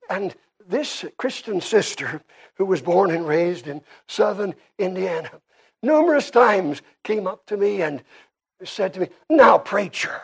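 A Canadian-accented man delivers a sermon with emphasis, moving between hushed and loud stretches. His voice sits high and sounds husky.

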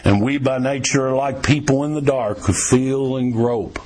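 Preacher guy, kinda husky voice, folksy sermon storytelling, goes loud then real quiet. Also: moderate pace. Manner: folksy storytelling preaching, swinging from emphatic highs to low quiet lines.

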